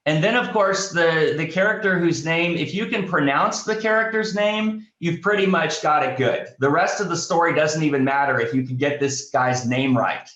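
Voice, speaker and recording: A man, a pastor, leading a Bible study class in a casual teaching style, speaking haltingly with many fillers and restarts. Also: on the high side, a bit bright, roomy sound, dull audio.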